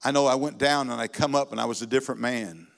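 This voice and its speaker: A man preaching a sermon in a church, building from steady teaching into fervent, emphatic exhortation. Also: medium pitch, fast, creaky. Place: church sanctuary. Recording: long reverb in a hall.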